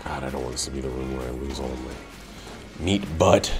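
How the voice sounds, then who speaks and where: A man casually commenting while he streams a video game, rambling, joking and breaking into excited outbursts. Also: rumbling low, moderate pace, over music. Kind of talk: casual let's-play commentary.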